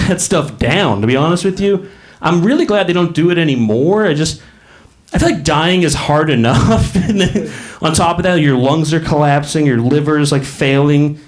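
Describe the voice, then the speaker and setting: A man's voice: a little high, animated, normal speed. A man in his late thirties doing a stand-up comedy set in a club, rambling and self-mocking, bursting into acted voices. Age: late 30s.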